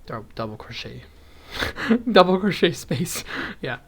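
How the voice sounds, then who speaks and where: Slow and sing-song, this young man's voice is a little high, fairly bright and husky, with vocal fry. He's a vlogger crocheting in casual chat, thinking aloud as he counts stitches, wandering off on tangents and chuckling frequently.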